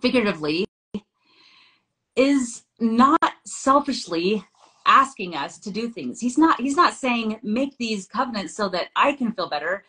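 A woman's voice: on the high side, animated, measured pace, sharp tone, rough recording. A middle-aged woman hosting a scripture study discussion. She talks in an earnest way, reads passages aloud and tells family anecdotes. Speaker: host.

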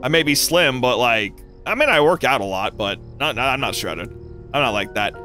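Young man, gaming commentary, bright tone, lively pitch, giggly, rambling, soft music behind. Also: normal speed. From North Carolina. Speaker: gaming YouTuber. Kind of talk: casual gameplay commentary.

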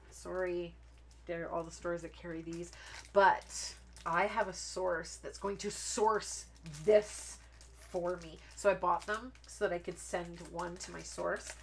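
A woman's voice: on the low side, a little hiss or hum. A woman hosting a card making live stream, chatting in a rambling, friendly way and laughing often while she works. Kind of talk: casual live stream chat while crafting.

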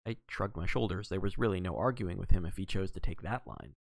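A man reading a novel aloud on a live stream in an expressive way, with occasional slips and self-corrections. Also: fairly low pitch, brisk, vocal fry, few pauses, dry recording, poor audio. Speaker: reader.

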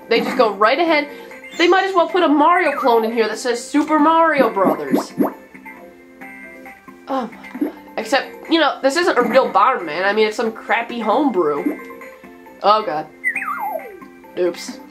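A woman's voice: high-pitched, expressive, measured pace, long pauses. A woman reviewing video games in casual commentary, exasperated and sarcastic, laughing in disbelief at what she plays. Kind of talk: casual commentary over gameplay. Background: game music.

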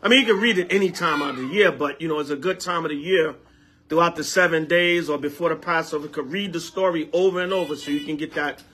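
A man, an elder, preaching to a congregation in a casual, animated way, trading call-and-response with the group and repeating lines for emphasis. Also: on the high side, quick pace, a little hiss or hum.

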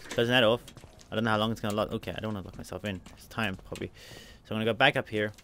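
A man rattles through live game commentary in a fairly low voice, narrating each step and spelling words letter by letter. A faint hiss and the odd click sit behind him. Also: fairly even intonation, very fast. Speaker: let's play gamer.

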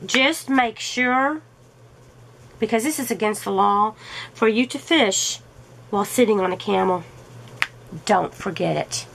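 Middle-aged woman chatting to her viewers, gravelly voice pitched a bit high, amused, keeps asking why. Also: a bit bright, slight background noise, low-quality recording. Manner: chatty and amused, full of rhetorical questions. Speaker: crafting vlogger. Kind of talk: casual chat.

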